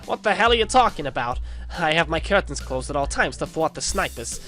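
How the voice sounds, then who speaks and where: A man putting on a jumpy, paranoid young guy who rants loud and frantic in a high, swooping voice. He sounds tense and shouty throughout. Faint music plays underneath. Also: animated, a little fast. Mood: suspicious.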